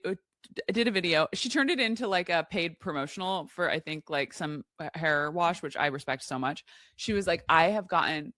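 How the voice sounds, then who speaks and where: Lively woman telling a story. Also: lowish voice, dry recording, studio quality. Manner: enthusiastic, animated storytelling with gasps and laughs. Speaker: co-host. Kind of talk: casual chat.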